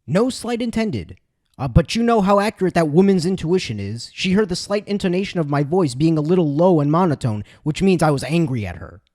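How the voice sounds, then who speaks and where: Young man, high-pitched voice, sarcastic, ranting, casual commentary. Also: animated, a little fast, darkish tone. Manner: sarcastic, ranting, mimics others in quotes. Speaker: commentary video host.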